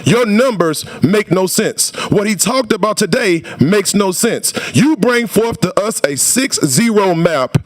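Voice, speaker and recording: A man testifying at a legislative hearing, speaking forcefully and repeating phrases for emphasis. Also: sits high. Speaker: public witness testifying at a state senate hearing. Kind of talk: impassioned public testimony. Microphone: standing microphone at a podium.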